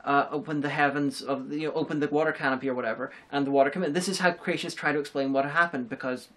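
This co-host in a casual film review chat has a mid-range, slightly bright voice with fairly even intonation and a fast pace. The speaker explains ideas at length, rambling and frequently restarting.

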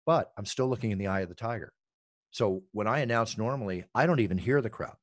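A middle-aged man telling stories in an animated, emphatic way as an interview guest. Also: lowish voice, quick pace, no echo. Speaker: ring announcer and guest. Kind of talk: energetic interview talk.

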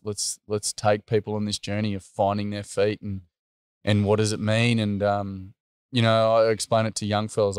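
Middle-aged australian guy, flat steady tone, rambling earnest story with lots of ums. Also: fairly low pitch, smooth, dry recording. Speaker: interview guest. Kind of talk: personal storytelling.

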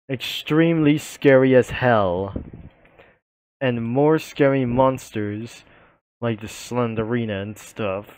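A man giving halting voice-over commentary on a game, slowly reading out long lists of character names. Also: mid-range voice, dry recording. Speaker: game video narrator.

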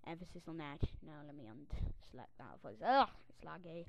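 A woman's voice: deep voice, sing-song, normal speed, few pauses, rough recording. A young woman giving a casual tour of her website while screen recording, in a theatrical, self-mocking way with grumbling asides.

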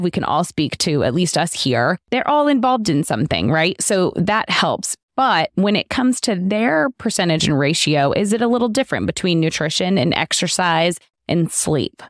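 Low-voiced woman podcast co-host. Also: very animated, moderate pace, no room sound, clean studio sound. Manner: thoughtful questioner. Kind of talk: casual podcast chat.

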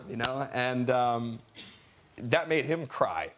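Young male guest, bright voice, rambling and animated, faint hiss under it. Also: mid-range voice, measured pace. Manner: rambling, animated storytelling with laughs. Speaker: talk show guest. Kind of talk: anecdote on a talk show. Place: TV studio.

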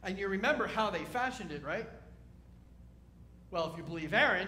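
A man's voice: high voice, expressive, moderate pace, pauses often, sharp tone, reverberant. A man preaching a sermon as a rabbi, speaking in a conversational, wry way and asking his listeners questions.

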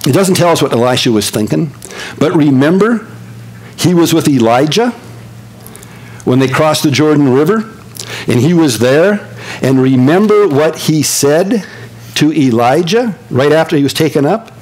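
An older man preaching a sermon as pastor, telling stories with lively swings from excited high tones to low hushed earnestness. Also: moderate pace, rough recording.

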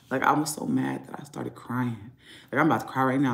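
A man's voice: mid-range voice, steady tone, a little fast, gravelly, a little hiss or hum. A man vlogging at home, venting angrily in a profane, rambling rant from his garage. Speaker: family vlogger. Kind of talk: casual vlog rant. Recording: echoey garage room.

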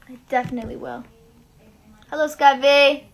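A young woman with a high, gravelly voice talks at normal speed while hosting a casual livestream. Relaxed and chatty between songs, she reads out viewers' comments and answers them, then sings to her own ukulele playing in the background.

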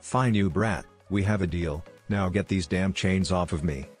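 A man's voice: low-pitched, moderate pace, faint music behind, natural voice. A man reading as a surly, growling swordsman. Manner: growling, grumbling. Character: gruff shark-like male swordsman, surly.

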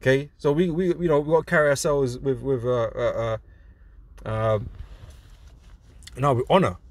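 A man giving an informal sermon, talking loosely with lots of filler words, reading scripture slowly and deliberately, and getting animated when he is excited. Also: medium pitch. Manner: loose and conversational, peppered with "man" and "you know". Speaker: religious teacher.

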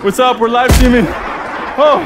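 A man hosting a live-streamed game, excitable and playful with loud exclamations. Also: extremely high pitch, moderate pace, very noisy. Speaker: gameplay host.

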